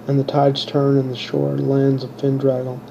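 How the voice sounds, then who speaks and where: A man reads his own story in a flat, unvarying voice with a dark, mellow tone. He stumbles and restarts words as he goes. The recording is dull and lo-fi with a faint hiss behind it. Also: medium pitch, normal speed, gravelly. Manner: monotone reading with stumbles and restarts. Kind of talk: unpolished audiobook narration.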